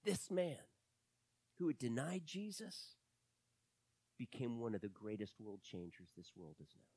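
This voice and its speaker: A man preaching a sermon, telling stories animatedly and swinging between loud bursts and hushed moments. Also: mid-range voice, big pitch swings, a little slow, husky, dry recording.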